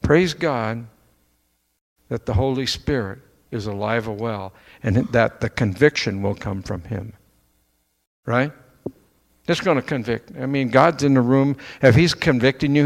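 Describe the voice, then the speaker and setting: With a medium-pitched, creaky voice at normal speed, a man preaches conversationally to his congregation as their pastor. He rattles off rhetorical questions and mimics skeptics, his words ringing through a church hall with long reverb.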